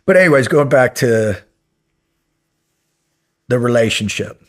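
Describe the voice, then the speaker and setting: A middle-aged man appears as a podcast guest in a casual interview, speaking at a medium pitch and an unhurried pace. He tells long, rambling, animated stories and acts out the lines of the people in them.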